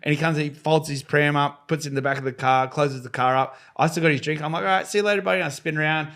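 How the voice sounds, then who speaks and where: A man's voice: on the high side, level tone, quick pace, fairly bright tone. A man with an Australian accent, a podcast guest, telling a long prank story and acting out the voices of the people in it, with swearing and laughter. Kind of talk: animated storytelling. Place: podcast studio.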